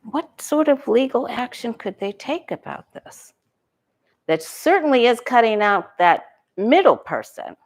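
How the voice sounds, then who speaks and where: A woman's voice: a little high, very animated, a little slow. Woman tarot reader, casual solo talk, muses aloud, self-questioning, frequent restarts.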